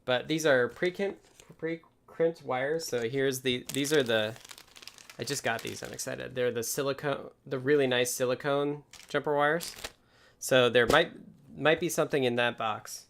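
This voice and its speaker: A man's voice: mid-range voice, measured pace, a bit bright, a little hiss or hum. A man hosting a casual live stream from his home workspace, thinking aloud and explaining things step by step. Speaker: livestream host.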